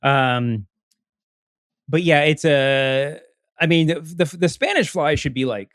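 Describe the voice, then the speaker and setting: A man's voice: a little high, expressive, unhurried, a bit bright, no echo, clean studio sound. A man co-hosting a podcast in casual chat, rambling and cutting himself off with lots of fillers. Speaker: podcast co-host.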